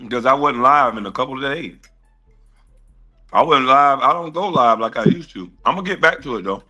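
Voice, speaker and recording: Sex: man. Role: streamer, former pro player. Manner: taunting, bright-toned. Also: medium pitch, expressive, brisk, soft background music. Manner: taunting, dismissive, swears a lot. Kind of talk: heated casual argument.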